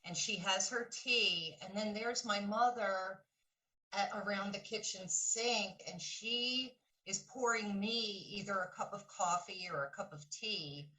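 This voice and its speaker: A woman's voice: mid-range voice, a little slow, bright, forceful tone, recorded from a distance, low-quality recording. A middle-aged woman from the Philadelphia area, a caller recounting a dream in earnest, vivid detail.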